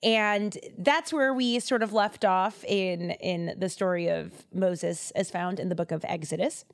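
A young woman hosting a podcast, retelling a Bible story in a chatty, slangy, animated way. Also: on the low side, a little slow, no echo, studio quality. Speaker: podcast host.

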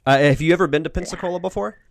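A man hosting a podcast interview, asking friendly, brisk questions and reading event promos. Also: fairly high pitch, vocal fry, no echo, studio quality. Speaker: podcast host. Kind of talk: casual interview. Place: Pensacola, Florida area.

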